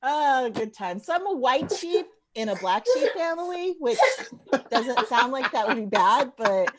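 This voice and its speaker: A woman comedian in her forties doing a stand-up set, telling animated stories and laughing at her own jokes. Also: high voice, unhurried, very noisy. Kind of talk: stand-up set over a live stream. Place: home bar.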